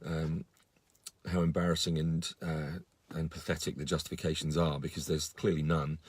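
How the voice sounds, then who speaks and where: A campaigner gives his followers a casual live-stream update, earnest and indignant, with lots of fillers and restarts. His voice is a low rumble, level in tone and moderate in pace, over slight background noise.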